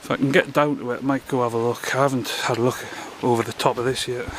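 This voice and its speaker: A man's voice: medium pitch, level tone, quick pace, fairly bright tone. A man, out of breath, chatting casually to his camera while scrambling along a rocky coast; he swears freely and mocks himself. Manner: chatty, swears a lot, self-mocking. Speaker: outdoor vlogger. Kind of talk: casual self-filmed commentary. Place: rocky sea coast outdoors. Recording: noisy outdoor camera audio.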